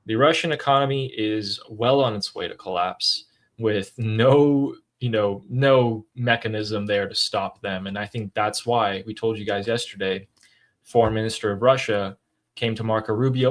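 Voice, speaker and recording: A man with a fairly low voice co-hosts a political talk show. He walks through the news in an emphatic, casual way, leaning on points as he goes. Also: moderate pace. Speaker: political commentary co-host.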